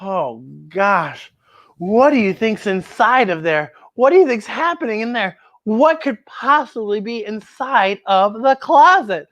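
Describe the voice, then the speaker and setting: Lively lady doing story time for kids, pitch all over the place, gasps a lot. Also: a little slow. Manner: animated, gasping, exclamatory. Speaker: children's storyteller. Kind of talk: picture book read-aloud for kids.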